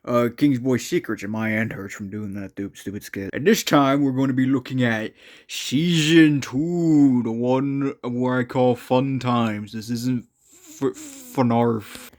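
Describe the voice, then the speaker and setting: A young man giving casual commentary on his own old videos, rambling and self-mocking, with quick bursts and trailing asides. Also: mid-range voice, a little mellow.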